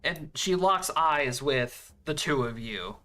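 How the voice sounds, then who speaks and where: A man's voice: on the high side, animated, slow pace, pushed and bright, soft background music. A man narrating as game master in a tabletop role-playing game, describing scenes loosely with many fillers.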